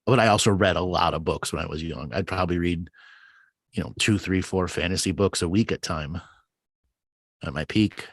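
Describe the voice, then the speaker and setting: A man's voice: low voice, normal speed, slightly rough, dry recording, studio quality. A man hosting a casual live call-in chat, rambling and enthusiastic, often restarting his words. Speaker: show host.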